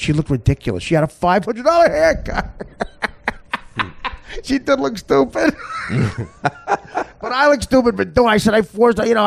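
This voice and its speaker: A man's voice: high-pitched, vocal fry, no room sound. A podcast host telling a comic story in a rambling way, often laughing at his own tale.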